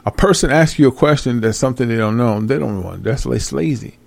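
A man with a gravelly, fry-laden voice rants through a casual talk show, exasperated and swearing freely. He breaks into laughter often, and the sound is close and dry. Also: medium pitch, moderate pace, darkish tone, no room sound. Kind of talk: casual ranting commentary.

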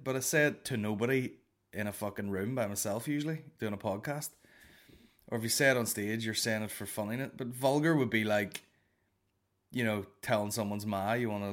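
A man's voice: mid-range voice, a bit bright. A man with a Northern Irish accent hosting a comedy podcast alone, answering listener questions in a sweary, rambling, self-mocking way. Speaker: podcast host. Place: alone in a room.

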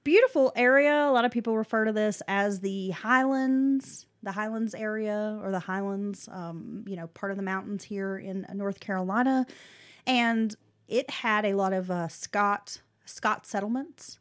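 A woman co-hosting a casual chat, telling a story in a relaxed way with frequent fillers and restarts. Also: medium pitch, measured pace.

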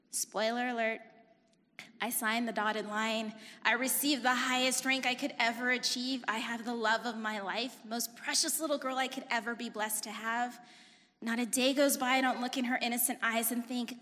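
A woman in her forties giving a personal testimony in church, talking fast and telling her story with animated, emphatic intensity. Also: fairly high pitch. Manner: emphatic, rising to forceful intensity. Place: church sanctuary. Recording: long reverb of a large hall.

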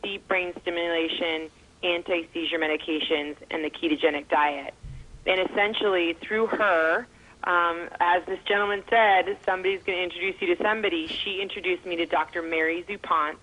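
A woman's voice: on the low side, steady tone, normal speed, a bit bright, slight background noise, rough recording. A middle-aged woman, a guest on an interview show, telling her family's story in an earnest, emotional way with fillers. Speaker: guest, mother and foundation founder.

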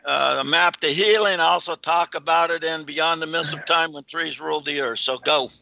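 A man hosting a radio show, chatting excitably and laughing easily, heard as dull lo-fi radio audio. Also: on the high side, normal speed, creaky. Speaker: radio show host and author. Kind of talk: casual radio chat.

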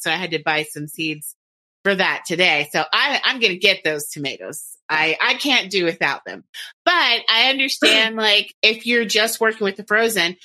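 A woman's voice: lowish voice, bright, forceful tone. A woman co-hosting a podcast, giving practical nutrition advice in a chatty, casual way.

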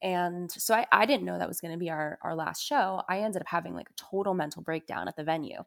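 A woman's voice: on the low side, lively intonation, brisk, vocal fry. A young adult woman, a musician guest in an interview, telling a personal story in a confessional way with lots of "you know" and "like".

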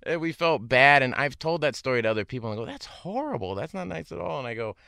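A man who works as an actor, guest in a casual conversation, telling lively anecdotes and laughing as he goes. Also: medium pitch, fast, creaky, dry recording, clean studio sound. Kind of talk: casual chat.

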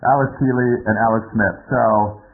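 A man's voice: mid-range voice, steady tone, moderate pace, phone-quality sound. A man hosting a podcast, giving a rambling, joking introduction with a fair amount of swearing. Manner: rambling, profane and self-mocking. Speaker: podcast host.

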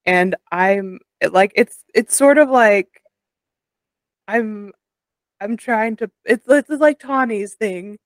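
A podcast co-host in casual chat, explaining things thoughtfully with halting restarts. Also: medium pitch, dry recording.

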